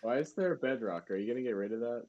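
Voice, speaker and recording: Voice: medium pitch, animated, racing, dull audio, very noisy. A speaker in a casual gaming chat who mostly gives short reactions, echoes the others and laughs.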